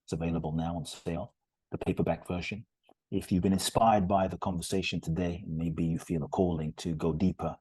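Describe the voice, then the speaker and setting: A man's voice: sits low, fairly even intonation, a little fast, darkish tone, breathy edge, dry recording. A man, a podcast guest and retreat leader, telling stories in an earnest, emphatic and heartfelt way. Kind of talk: conversational storytelling interview.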